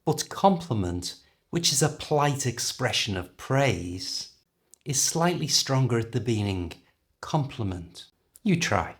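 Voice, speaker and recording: A middle-aged man with a British accent teaching an English lesson, carefully and clearly modelling how words are pronounced. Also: mid-range voice, sing-song, measured pace. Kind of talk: language lesson.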